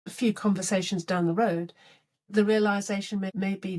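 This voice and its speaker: A woman's voice: mid-range voice, moderate pace. A middle-aged woman leadership coach in a podcast interview, telling stories and acting out both sides of conversations. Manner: animated storytelling, acts out dialogue.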